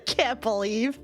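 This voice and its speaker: A very high, bouncy woman's voice that swoops up and down as she chats on a live stream. She laughs a lot, swears casually and talks at an unhurried pace. Faint game music plays behind her. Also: fairly bright tone. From United States. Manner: giggly, swears freely, laughs often.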